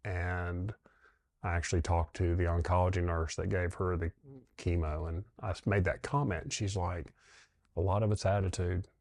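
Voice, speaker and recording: A middle-aged man with a low, deep voice tells a personal story slowly and haltingly, pausing often with fillers. His delivery is even and flat, without big swings, and the sound is close and dry. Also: dry recording. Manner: halting and heartfelt, with many pauses and fillers. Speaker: dentist sharing his wife's cancer story.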